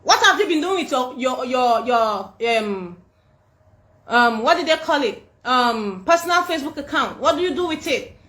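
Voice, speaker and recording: This livestream rant comes from a Nigerian woman talking into a phone, scolding, defiant and prone to repetition. The echoey room carries her high, expressive voice, which is slightly bright and moderately paced.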